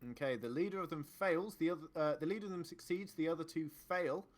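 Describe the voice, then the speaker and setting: A man narrating as game master in an online tabletop game, lively and laughing often as he describes the combat. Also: a little high, fast. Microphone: online call microphone.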